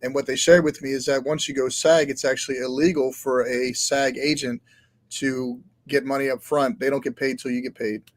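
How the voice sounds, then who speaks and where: A man's voice: mid-range voice, little pitch movement, normal speed, no echo. A man hosting a podcast in casual chat, giving a guest encouraging advice in firm asides. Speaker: podcast host.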